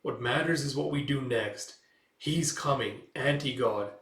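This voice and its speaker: A man voicing a composed young woman hero who speaks calmly and matter-of-factly. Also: mid-range voice, a little slow, reverberant, distant mic.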